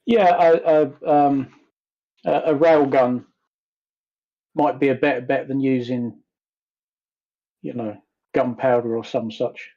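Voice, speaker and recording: A man in a casual online debate, teasing the others in a dry, flat delivery. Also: mid-range voice, slow, pauses often, highs cut off. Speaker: debate panelist.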